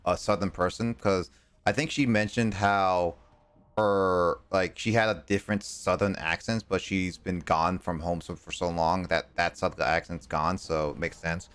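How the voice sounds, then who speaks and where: A man's voice: low voice, a bit bright, clean tone. A male streamer chatting casually while playing a game, rambling with plenty of fillers. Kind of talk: casual chat while gaming.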